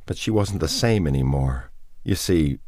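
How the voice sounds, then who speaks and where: A man reading an audiobook, voicing a weary, grief-stricken man who speaks haltingly. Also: very deep voice, lively intonation, a little mellow, dry recording, clean studio sound. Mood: grieving. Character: haunted, grieving lone man, bitter and weary. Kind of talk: audiobook character voice.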